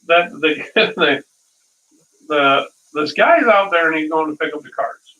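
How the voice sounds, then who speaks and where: A man's voice: a little high, big pitch swings, measured pace, long pauses, sharp tone, highs cut off. A man hosting a casual live cooking stream, rambling through stories and chuckling at his own dad jokes, from a distant mic.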